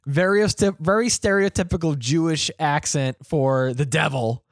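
A man co-hosting a casual review chat, excitable, with quick bursts and trailing asides. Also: a little high, dry recording, clean studio sound. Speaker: podcast co-host.

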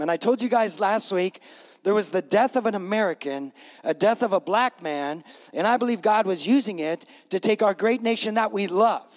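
A man's voice: high voice, long reverb tail. A man preaching as a pastor, retelling a gospel story earnestly and repeating key phrases to his congregation.

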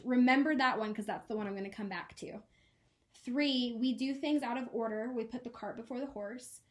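A young woman in her twenties, a podcast co-host, telling a personal story in an earnest, emotional way. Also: fairly high pitch. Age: 20s. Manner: earnest, emotional, quick laughs. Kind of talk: casual chat, personal story.

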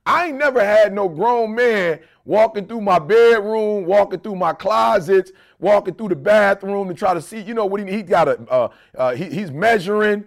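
A middle-aged man co-hosting a casual podcast, speaking. His voice sits high and has a gravelly edge. He tells stories with a lot of energy and puts on the voices of the people in them. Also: normal speed, few pauses. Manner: animated storyteller, acts out quoted voices. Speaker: podcast co-host.

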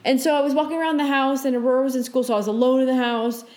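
A woman co-hosting a podcast in casual chat, animated and quick to laugh, acting out her own inner voice as she talks. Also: high-pitched, echoey room. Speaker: podcast co-host.

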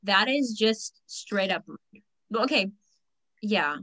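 A woman's voice: mid-range voice, expressive, takes it slowly, pushed and bright, no room sound. Opinionated woman in casual chat.

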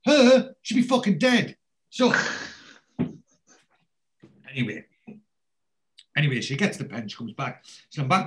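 A man's voice: a little high, huge pitch swings, a little slow, long pauses. A man, co-hosting a casual podcast and retelling TV scenes with lots of quoted dialogue and fillers. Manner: chatty storyteller, drops into quoted lines, many fillers. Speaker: podcast co-host recapping a TV episode.

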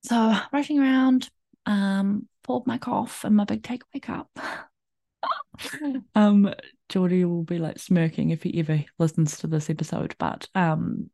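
A young woman hosts her own podcast and talks through a personal story, looping back on herself with plenty of fillers and little laughs. Her voice is mellow and relaxed. The recording is close and dry, with no room sound. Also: medium pitch, a little slow, creaky, no room sound. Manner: chatty, rambling, many fillers and restarts, laughs often. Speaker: podcast host.

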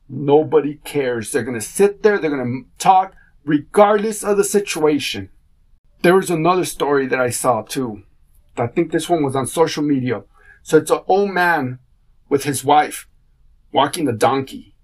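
A man hosting his own podcast, talking in a casual rambling monologue and acting out what people said to him. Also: fairly high pitch. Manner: rambling storytelling, acts out quotes. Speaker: podcast host.

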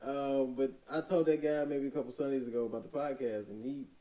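A man's voice: medium pitch, fairly even intonation, brisk, mellow. A man co-hosting a podcast, joking and agreeing in casual, profane banter with frequent laughter. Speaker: podcast co-host.

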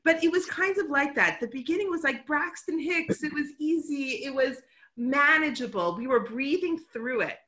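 Bright-voiced middle-aged woman host. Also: high-pitched, moderate pace, slight background noise. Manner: reflective, lively when quoting herself. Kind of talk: casual conversation.

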